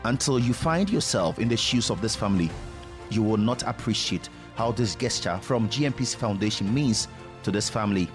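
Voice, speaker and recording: A man giving measured, formal scripted news narration as a reporter. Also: fairly low pitch, animated. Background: music.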